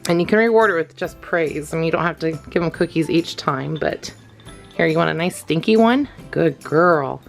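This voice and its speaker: Chatty low-voiced woman training her dog. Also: a little fast, creaky, faint music behind. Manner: chatty, laughs often, coos praise at her dogs. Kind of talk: casual instructional vlog.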